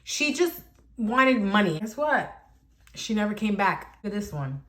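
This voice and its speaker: A young woman vlogger telling a story casually, animated and blunt, with lots of slang. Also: medium pitch, a little slow.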